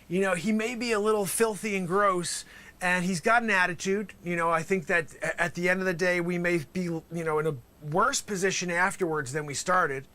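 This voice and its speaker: A man's voice: high-pitched, fairly even intonation, fairly quick, pushed and bright. A male host acting out an improvised courtroom sketch as a lawyer, talking theatrically and dropping into whispers for emphasis.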